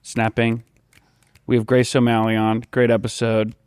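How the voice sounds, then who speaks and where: A man hosting a podcast in casual chat, with wry deadpan jokes. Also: medium pitch, normal speed, clear, resonant tone, no room sound, studio quality. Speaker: podcast host.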